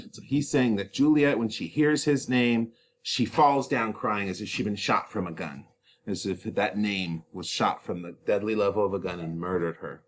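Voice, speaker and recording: A man's voice: lowish voice, fairly even intonation, normal speed. A man teaching a play, explaining each scene casually with chatty asides.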